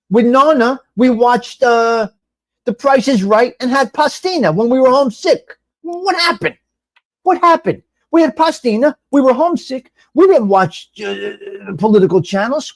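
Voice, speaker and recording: A middle-aged man hosting a casual live-stream chat, rambling and animated, reading out viewers' names and swearing now and then. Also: high voice, no echo, clean studio sound. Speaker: live show host.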